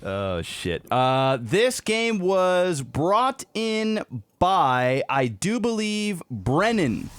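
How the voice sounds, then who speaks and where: A man's voice: high voice, big pitch swings, extremely slow, clear, resonant tone, no echo. A man hosting a gaming podcast, casting in casual talk that is blunt and full of swearing. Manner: profane, blunt and easily laughing. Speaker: game caster and podcast host. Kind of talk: casual esports commentary.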